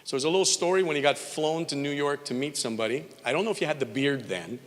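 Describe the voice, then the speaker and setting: A man's voice: on the high side, fast talker. A man from Montreal, a radio morning show host, giving an informal tribute speech full of rambling, jokey stories in which he acts out quoted voices. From Montreal, Canada. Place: large hall at an event. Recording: reverberant hall.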